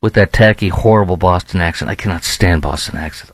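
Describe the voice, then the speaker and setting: A man's voice: low voice, brisk, no room sound, low-quality recording. A man with a Chicago accent hosting a blunt, scornful opinion commentary, rambling with fillers between points. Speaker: commentary host.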